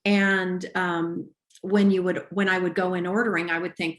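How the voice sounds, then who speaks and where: American woman storyteller in an echoey room. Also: on the low side. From United States West Coast. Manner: animated storyteller with halting restarts. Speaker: guest, writer. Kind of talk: casual conversation.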